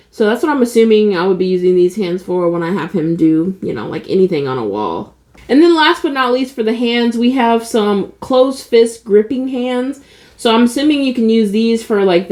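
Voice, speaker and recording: A woman vlogger chatting casually through a toy unboxing, laid-back and candid, with many fillers like "like" and "um". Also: mid-range voice.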